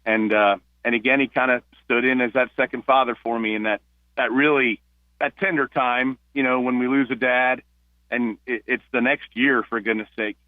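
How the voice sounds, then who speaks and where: A man's voice: medium pitch, fairly even intonation, no room sound. Man on a tinny phone line. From New Jersey. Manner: warm storyteller, halting restarts. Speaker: guest, retired police officer. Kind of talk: phone-in radio interview.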